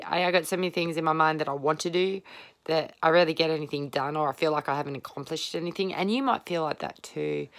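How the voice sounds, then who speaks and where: A woman's voice: low-pitched, creaky, a bit bright. A woman giving a casual tarot reading at home, rambling, candid and blunt, swearing freely. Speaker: tarot reader. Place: home, at a small table.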